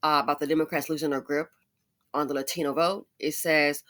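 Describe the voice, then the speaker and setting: A woman giving a casual commentary monologue in a conversational way, with animated asides. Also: low voice, brisk. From United States. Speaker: commentary YouTuber.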